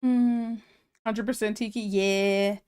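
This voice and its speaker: A woman's voice: medium pitch, fairly even intonation, slow pace, a little mellow, smooth. A woman streamer chatting casually and reading viewer comments aloud, ranting in an exasperated way and laughing often.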